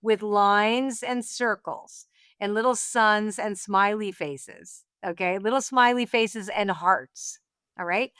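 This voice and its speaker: A woman being interviewed, telling a personal story in a lively, laughing way and acting out what she and others said. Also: mid-range voice, takes it slowly, clear, resonant tone, dry recording, studio quality. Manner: animated, laughing storyteller, acts out her own quotes. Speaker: guest, oracle deck author.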